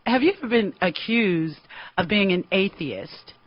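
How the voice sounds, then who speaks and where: Encouraging host-interviewer, middle pitch, muffled lo-fi recording. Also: expressive, a little slow, dry recording. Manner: encouraging, brief affirmations. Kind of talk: interview questions and backchannel. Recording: dull lo-fi sound.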